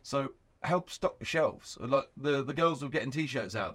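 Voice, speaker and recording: His voice is medium-pitched and a little slow. He's a garage owner in his thirties telling his story in an animated, profane, casual style, acting out the voices of people he quotes.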